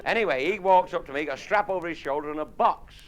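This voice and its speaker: A man's voice: fairly high pitch, fast, a faint crowd. A man telling earthy, swearing comic stories to a live audience. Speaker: after-dinner raconteur. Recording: noisy 1969 live recording. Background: audience laughter.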